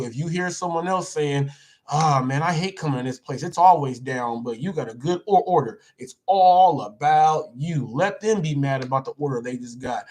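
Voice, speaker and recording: A man hosting a live show, reading viewer comments aloud and chatting in a playful, repetitive, animated way. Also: medium pitch. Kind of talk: casual live-stream chat.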